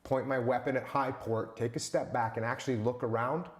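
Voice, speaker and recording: A man's voice: medium pitch, steady tone, a little fast, reverberant. A man answering as an interview guest, talking emphatically with rhetorical questions and repeated short punchlines.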